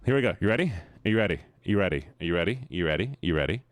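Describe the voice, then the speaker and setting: A young man streaming and chatting casually with viewers, rambling, swearing and breaking into sudden high-pitched outbursts. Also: expressive, rapid-fire, slight background noise. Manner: rambling with restarts, talks to chat. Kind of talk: casual live-stream chat while gaming.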